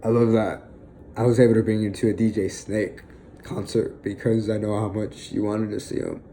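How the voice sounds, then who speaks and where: A young man speaks in a low, dark voice, halting and emotional, close to tears. He trails off in pauses, sighs and fillers. A faint hiss of noise sits under the recording. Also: flat delivery, poor audio. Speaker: vlogger. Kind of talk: emotional personal monologue.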